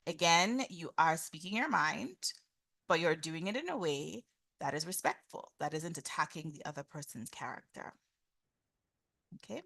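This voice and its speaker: A woman's voice: deep voice, animated, normal speed, vocal fry, fairly bright tone, dry recording, clean studio sound. A woman hosting a live talk on communication, teaching in a casual way, improvising examples aloud and repeating her questions. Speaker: host and communication coach.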